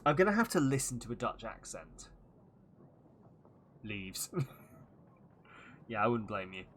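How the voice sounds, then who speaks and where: A male streamer chats loosely over his game, joking and laughing as he goes. His pitch jumps around a lot as he talks, and faint room ambience sits behind him. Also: big pitch swings, measured pace, a bit bright, slight background noise. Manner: rambling, jokey, laughs often. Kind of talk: casual gameplay commentary.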